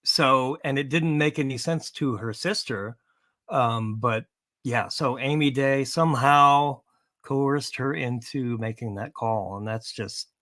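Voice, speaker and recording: A man co-hosting a true-crime live show, talking casually with plenty of fillers and easy laughter. His pitch sits in a middle range. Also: takes it slowly. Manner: relaxed, frequent fillers and laughter. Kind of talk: casual chat.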